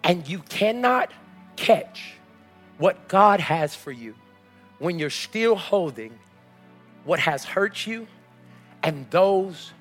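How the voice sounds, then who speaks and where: A man preaching as pastor, telling a personal story and building to shouted exhortation. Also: high-pitched, animated, slow pace, pauses often, soft background music. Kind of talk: sermon.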